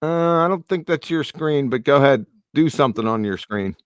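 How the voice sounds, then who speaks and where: A man's voice: mid-range voice, lively intonation, moderate pace, clean tone, dry recording. Blunt, quizzing man with a dry sound. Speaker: stream host. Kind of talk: casual debate.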